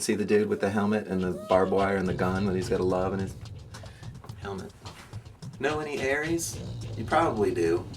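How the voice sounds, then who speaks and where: A low-voiced man from Massachusetts chats in a playful, campy way, giggling through his asides. He sounds far from the mic in a roomy space, with music playing clearly behind him. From Massachusetts, USA. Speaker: artist and musician interviewee. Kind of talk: candid interview and studio tour.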